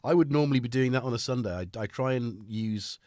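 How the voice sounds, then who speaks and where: A man's voice: mid-range voice, quick pace, warm tone, dry recording, clean studio sound. A man hosting a casual live stream, chatting and joking with viewers and greeting them by name.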